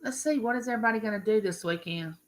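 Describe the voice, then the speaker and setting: A woman's voice: on the high side, racing, poor audio. An older woman from Mississippi, hosting a rambling live stream and greeting viewers by name.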